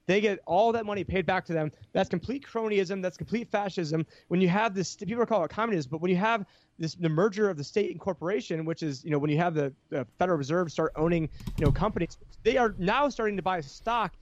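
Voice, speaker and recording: A man's voice: high-pitched, quick pace, highs cut off. A man talking as a podcast guest, explaining finance with heated energy and many restarts. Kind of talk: casual podcast chat.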